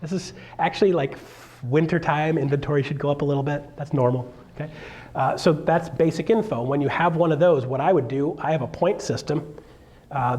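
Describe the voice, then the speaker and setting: A man's voice: a little high, a little mellow. A middle-aged man coaching a live seminar, joking and acting out the voices of clients as he goes. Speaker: real estate coach.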